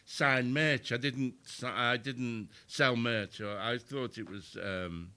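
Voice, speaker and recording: A man's voice: mid-range voice, slow pace, pushed and bright, clean tone. An older male comedian telling sweary anecdotes on a live podcast, laughing as he goes. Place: live venue with audience.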